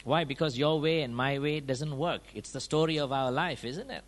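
A man's voice: a little high, moderate pace. Emphatic male preacher asking rhetorical questions. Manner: peppers points with rhetorical questions and tag checks like "huh?" and "yeah?"; emphatic, swings between raised and dropped volume. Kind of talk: sermon.

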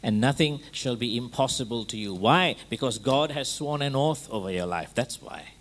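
A man preaching a sermon in a conversational way, checking in with his listeners through quick rhetorical questions. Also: mid-range voice, animated, a bit bright, a little hiss or hum.

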